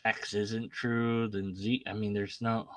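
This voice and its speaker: A man's voice: lowish voice, level tone, slow pace, fairly bright tone, no echo, poor audio. A man ranting sarcastically in a reaction commentary, exasperated and swearing, sometimes trailing off into muttered asides. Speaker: video commentator.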